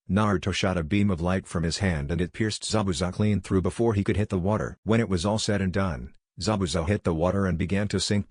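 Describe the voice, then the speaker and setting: A man narrating fan fiction aloud in a steady, even reading manner. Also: sits low, husky, no echo, clean studio sound.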